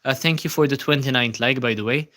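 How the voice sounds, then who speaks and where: Young guy from malta doing a chill livestream, lots of ums, mid pitched voice. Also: quick pace. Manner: relaxed, many ums and uhs, thanking viewers. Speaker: livestream host. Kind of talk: casual livestream chat reading comments.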